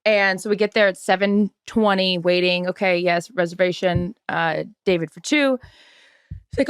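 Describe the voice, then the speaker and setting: A woman co-hosting a podcast in casual chat, telling stories with lively acted-out quotes and casual swearing. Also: lowish voice, moderate pace, clear, resonant tone, no room sound, clean studio sound. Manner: animated storyteller, acts out quotes, swears casually. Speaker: podcast co-host.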